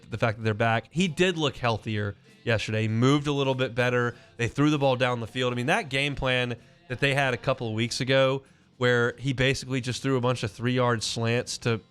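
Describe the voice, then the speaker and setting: A male sports radio host talks through his takes in a loose, conversational way, often restarting his sentences. His voice is smooth and resonant at a middle pitch. A faint music bed plays behind him in the studio. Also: fairly bright tone. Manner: conversational, opinionated, many restarts. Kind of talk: casual sports talk. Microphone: studio mic.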